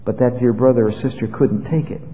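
A man preaching an expository sermon, retelling a Bible story in a conversational, animated way. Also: medium pitch, a little fast, slight background noise. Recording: dull lo-fi with long reverb.

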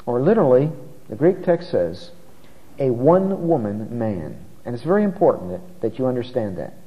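Emphatic preacher in a reverberant hall. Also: male voice, mid-range voice, sing-song. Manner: emphatic, slows down to stress key words. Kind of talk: expository sermon. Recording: muffled recording with long hall reverb.

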